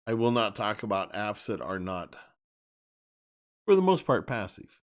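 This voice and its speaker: A man's voice: lowish voice, very animated, measured pace. A man hosting a live stream, speaking bluntly and emphatically in a casual rant and often repeating himself.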